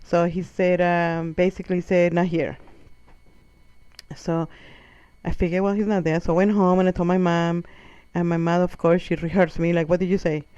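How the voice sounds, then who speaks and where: A man's voice: sits high, normal speed, clear, resonant tone, no room sound, lo-fi sound. A man whose first language is not English, telling profane comic stories and acting out the voices of people in them. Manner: animated, profane, acts out quoted voices. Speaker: comedian. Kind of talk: comic storytelling monologue.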